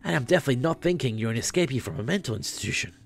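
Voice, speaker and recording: A man's voice: mid-range voice, racing, creaky. A man voicing a bewildered, sarcastic teenage student in a game, speaking dryly. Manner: sarcastic, deadpan.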